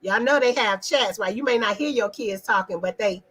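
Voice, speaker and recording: A woman's voice: medium pitch, moderate pace, a bit bright, a little hiss or hum, rough recording. A woman hosting an online live talk, speaking emphatically in a casual, preachy way and addressing viewers in the chat. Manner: emphatic, preachy, asks the audience questions; talks directly to viewers in the chat.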